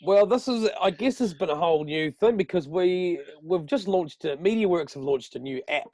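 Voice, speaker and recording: A man's voice: high voice, lively intonation, normal speed, darkish tone. A man with a New Zealand accent, a radio host guesting on a podcast, chatting casually and swearing freely as he rambles. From New Zealand, Southland. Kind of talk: casual chat.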